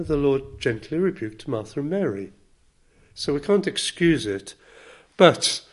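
Male preacher, mid-pitched voice, earnest and measured sermon delivery with gentle emphasis.

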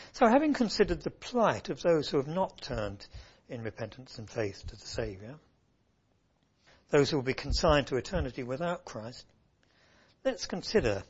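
Husky guy preaching earnestly, kinda muffled lo-fi recording. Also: fairly high pitch, a little mellow. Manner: earnest, rising and falling emphasis. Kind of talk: sermon.

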